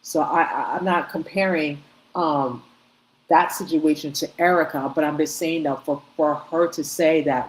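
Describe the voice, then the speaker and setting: A woman's voice: deep voice, steady tone, a little slow, poor audio. A woman hosting an opinionated commentary, talking emphatically in short bursts and repeating herself. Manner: emphatic, repetitive, talks in short bursts with restarts. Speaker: commentary host. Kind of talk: opinionated commentary on video clips.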